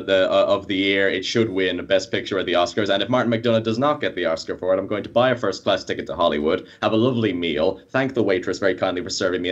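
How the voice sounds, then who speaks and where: An Irish man with a very deep, low voice, a podcast guest in casual chat. He talks earnestly and at length about a favourite film. The sound is muffled and lo-fi, like a remote call. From Ireland. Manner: earnest, long-winded film opinions.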